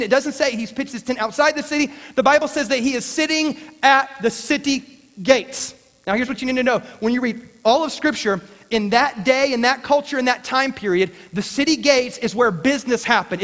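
Guy pastor with a really high voice, chatty folksy sermon, big echoey church hall. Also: fairly bright tone. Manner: conversational and jokey, with folksy asides. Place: church sanctuary.

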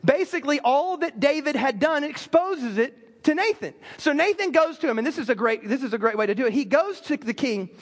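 A man pastor preaching a sermon in a casual, animated storytelling manner, full of fillers. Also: extremely high pitch, a little fast, few pauses, long reverb tail.

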